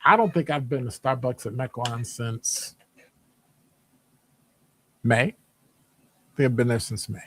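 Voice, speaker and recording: A man talking casually in a rambling monologue, animated and digressive, jumping into high voices when quoting people. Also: measured pace, pauses often. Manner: conversational, digressive. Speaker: podcast host; academic department member.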